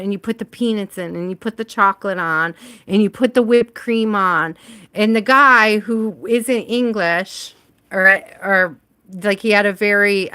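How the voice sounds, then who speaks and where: A woman's voice: mid-range voice, sharp tone, clean tone. A woman giving a casual livestream tarot reading, chatting with viewers by name and laughing often. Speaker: tarot reader.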